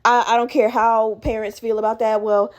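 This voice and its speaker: A young woman with a fairly high voice tells a story in a loose, chatty way. She swears freely and flares up as she acts out the people in it. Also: normal speed. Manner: animated, profane, acts out quoted people in raised voices. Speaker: podcast host. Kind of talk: casual storytelling.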